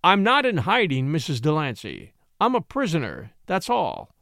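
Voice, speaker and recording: A genial young lawyer who stays amiable and polite, with a lively rise and fall to his voice, as a male narrator reads him. The voice is close and dry, with no room sound. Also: a little high, normal speed, gravelly, no room sound, full character voice.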